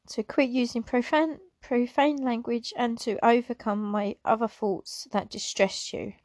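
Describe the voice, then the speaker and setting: A woman's voice: fairly high pitch, fairly even intonation, measured pace, few pauses, no room sound. A woman reading an old memoir aloud, now and then stumbling over a word and correcting herself. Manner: unscripted asides with soft laughs. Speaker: reader.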